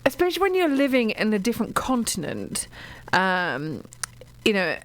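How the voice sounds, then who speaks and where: A woman's voice: a little high, low-quality recording. A middle-aged English woman chatting on radio about books, gushing and digressive, with lots of ums and restarts. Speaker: radio show guest or presenter talking books.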